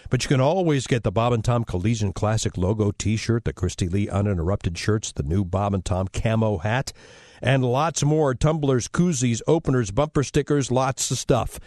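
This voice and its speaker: A man's voice: fairly low pitch, normal speed, a little mellow, no room sound, clean studio sound. A man reading scripted radio announcements and promos in an upbeat promotional way. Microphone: studio microphone.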